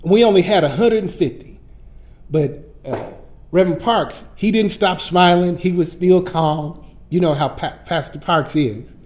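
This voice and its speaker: A middle-aged man, a pastor teaching Sunday school, telling folksy stories in a lively preaching style. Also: high voice, measured pace. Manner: animated, folksy preacher who acts out his stories. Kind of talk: storytelling sermon-style lesson.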